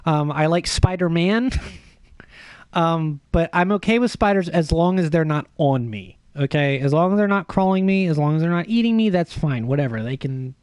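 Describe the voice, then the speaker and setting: A man with a fairly high voice spins a long, profane story for his stream. He is animated and self-mocking. The sound is dry and close, with no room ring. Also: normal speed, smooth, no echo. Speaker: livestreamer. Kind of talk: casual storytelling stream chat.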